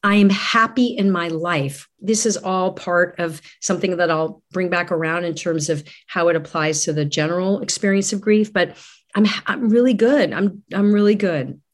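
A woman's voice: fairly low pitch, steady tone, moderate pace. A middle-aged woman, a guest in conversation, speaking earnestly and reflectively, often restarting her phrases. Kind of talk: candid conversation.

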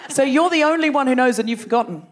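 A woman with a high, bright voice hosts a live comedy show from a theatre stage. She teases the crowd playfully and keeps laughing through her lines. Her delivery is quick, loose stand-up banter into a stage mic. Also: heavy background noise. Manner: playful, teasing, laughing often. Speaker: comedy podcast host. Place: large theatre before a live audience.

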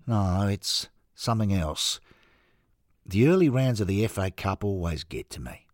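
A man's voice: sits low, expressive, no room sound, clean studio sound. A man doing a downcast Australian ex-footballer. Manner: halting, hesitant, subdued.

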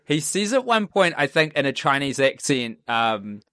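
A man's voice: mid-range voice, sing-song, moderate pace, sharp tone, no echo. A man co-hosting a podcast who chats casually and drops in wry remarks. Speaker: podcast co-host. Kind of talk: casual comedy review chat.

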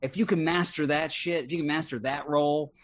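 A man's voice: fairly high pitch, steady tone, a little fast. Casting: male co-host, rambling, stammering, crude banter. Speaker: podcast co-host. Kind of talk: casual chat.

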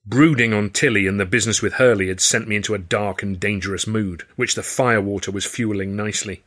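A man narrating his own novel in the first person, in a wry, measured storytelling manner. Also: on the low side, fairly even intonation, a bit bright. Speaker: author reading his novel.

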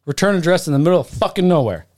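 A man's voice: on the high side, animated, racing, a little mellow. A man co-hosting a podcast, telling a story in a joking, profane, rambling way. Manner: profane, joking, talks to himself. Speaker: podcast co-host. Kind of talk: casual podcast chat.

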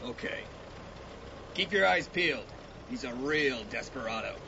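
A man's voice: medium pitch, expressive, a little slow. A man playing a sneering ranch guard. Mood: suspicious. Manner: sneering, interrogating drawl. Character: suspicious, hostile ranch guard hunting a fugitive. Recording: dull, with clear outdoor hiss.

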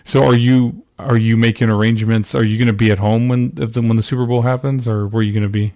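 Easygoing podcast host, dude-talk. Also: male voice, mid-range voice, level tone, quick pace, dark tone, no echo, studio quality. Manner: easygoing, filler-heavy, laughs often. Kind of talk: casual chat.

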